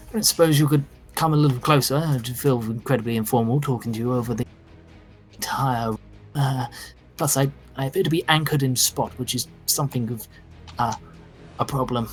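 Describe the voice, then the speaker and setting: A man's voice: mid-range voice, fairly even intonation, fairly quick, soft background music, close to an everyday voice. A man voicing a fussy, overly polite male raven made of smoke who chatters and stumbles over his words.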